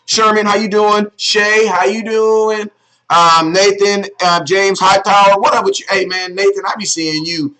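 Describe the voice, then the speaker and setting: A man's voice: sits high, fairly even intonation, unhurried, bright, forceful tone, low-quality recording. A man hosting a live sports talk stream, chatting casually in slang and greeting viewers one by one by name.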